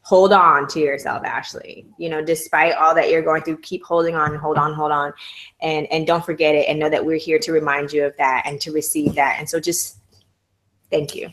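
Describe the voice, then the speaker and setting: Animated woman hosting a live stream. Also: deep voice, moderate pace. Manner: animated, playful and expressive. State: new mother, breastfeeding. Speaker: livestream host. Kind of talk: casual live-stream chat.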